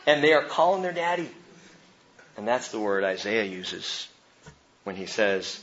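A man preaching a sermon as pastor, impassioned, jumping from loud outbursts to hushed tones. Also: on the low side, fairly quick, dull audio, a little hiss or hum.

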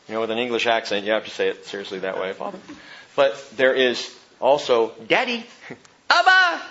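A man preaching a sermon as pastor, impassioned, jumping from loud outbursts to hushed tones. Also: mid-range voice, highs cut off.

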